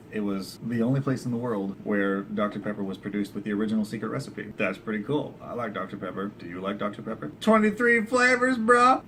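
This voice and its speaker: A man's voice: fairly low pitch, creaky, slight background noise. A young man from Texas talking casually to camera in a vlog, rambling through his opinions with jokey asides and correcting himself as he goes. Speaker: vlogger.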